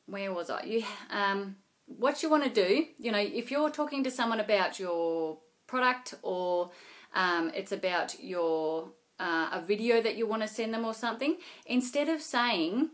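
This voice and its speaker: A young adult woman speaks straight to her viewers in a relaxed, chatty way. Her voice sits at an ordinary middle pitch, and she often circles back with fillers and restarts while she explains sales tips. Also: moderate pace. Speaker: network marketing vlogger. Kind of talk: casual advice vlog to camera.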